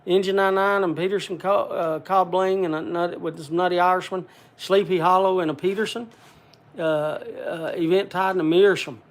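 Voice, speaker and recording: Man, higher voice, folksy rambling host, lots of uh fillers, chatting to viewers. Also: steady tone, normal speed. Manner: rambling, reads off viewer names with many "uh" fillers; chatty and folksy, talks to the audience by name. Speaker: livestream host. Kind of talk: casual livestream chat.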